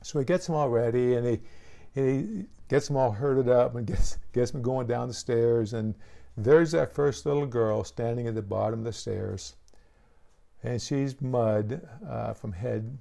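A man's voice: mid-range voice, a little slow, gravelly, mellow. A man who is a pastor, preaching a sermon with an earnest, pleading call and frequent restarts.

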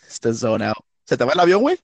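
A man's voice: medium pitch, wildly swooping pitch, very fast, gravelly. A man in a casual podcast chat, asking questions and egging the storyteller on.

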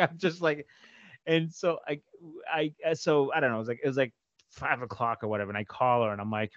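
A man's voice: medium pitch, steady tone, brisk, a bit bright, no room sound. A man hosting a podcast, telling a story in a casual, ranting way and swearing often. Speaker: podcast host. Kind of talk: casual chat. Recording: slightly dull lo-fi.

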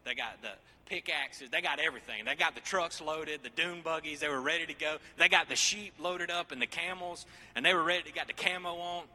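A man preaching a sermon with jokes, swinging from loud, energetic Bible reading to near whispers, on a handheld microphone. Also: on the high side, a little fast, hardly any pauses. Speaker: pastor. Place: church sanctuary.

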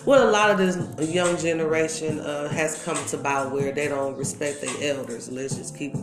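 A woman's voice: low-pitched, fairly even intonation, normal speed. A middle-aged woman from Milwaukee, a former dancer giving an interview, telling stories in candid, slangy casual talk. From Milwaukee, Wisconsin. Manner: candid, slangy storytelling with frequent asides. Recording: echoey room with loud music behind.

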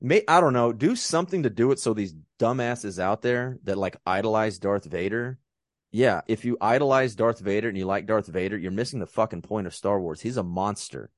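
Guy on a podcast going through a movie, swears a lot, kinda low voice, dry close mic. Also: brisk, no echo. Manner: profane, joking, breaks into mock voices. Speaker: podcast co-host. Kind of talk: casual movie recap chat.

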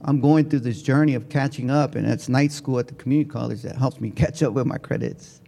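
A man giving a motivational keynote speech to educators, telling his story in an animated way with big swings in pitch and volume. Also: fairly quick, creaky. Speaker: keynote speaker. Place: large conference hall. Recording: long hall reverb.

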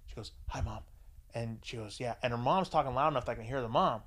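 A man's voice: mid-range voice, racing, a bit bright. A man casually telling crude anecdotes on a podcast, acting out the dialogue and laughing often. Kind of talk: casual storytelling chat.

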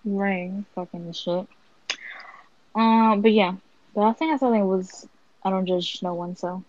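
A woman co-hosting a podcast, telling stories in a blunt, profane, animated way. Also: medium pitch, a little slow, dry recording, muffled recording. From Latina. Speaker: podcast co-host. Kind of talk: casual chat.

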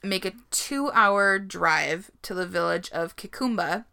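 A woman with a bright, forceful voice, chatting casually as a podcast co-host. She tells a story at an easy pace, laughs often and drops the occasional swear word. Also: on the low side, a little slow, gravelly, smooth.

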